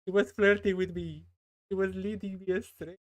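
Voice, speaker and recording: A woman's voice: medium pitch, little pitch movement, normal speed, no echo. A woman streamer chatting casually and bluntly, giving terse answers and laughing as she talks. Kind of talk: casual live-stream chat.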